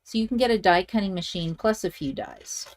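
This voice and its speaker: A woman's voice: medium pitch, lively intonation, fairly quick. A middle-aged woman from Canada hosting a live card-making tutorial, chatting and thinking aloud as she works and reads viewer comments. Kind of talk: live-streamed stamping tutorial.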